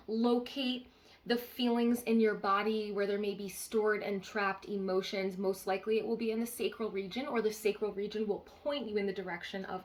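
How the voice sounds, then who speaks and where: Speaking in a mid-range voice, a woman acting as a spiritual healer livestreams a channeled card reading, repeating important phrases with earnest emphasis and pausing to check on those listening.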